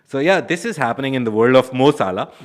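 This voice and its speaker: A man co-hosting a casual sports chat show, talking loosely with fillers and quick laughs. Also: medium pitch, lively intonation. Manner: chatty, lots of fillers and laughs.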